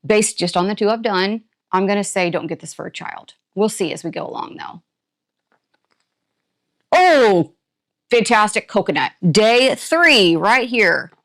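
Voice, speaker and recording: A woman's voice: medium pitch, expressive, measured pace, a bit bright. Chatty woman in a put-on drawl. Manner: talks to viewers while opening items. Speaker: product reviewer. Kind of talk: casual unboxing review.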